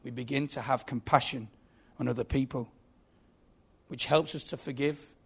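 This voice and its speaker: Gravelly preacher. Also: male voice, mid-range voice, fairly even intonation, normal speed. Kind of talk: sermon.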